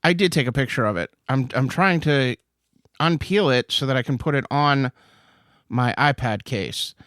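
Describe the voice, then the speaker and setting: A man chatting casually on a comedy podcast, loose and rambling and quick to laugh. His voice sits at a mid pitch, recorded close and dry. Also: fairly bright tone, no room sound. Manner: easygoing, rambling, laughs often. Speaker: podcast co-host. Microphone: studio microphone.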